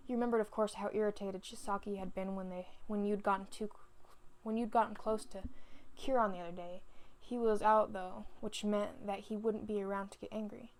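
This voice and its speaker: A woman reads fanfiction aloud at home in a relaxed, casual way, often tripping over words and fixing them. Her voice is middle in pitch and has a lot of gravelly vocal fry. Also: a little fast, rough recording. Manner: casual, stumbles over words, self-corrects. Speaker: fanfiction reader.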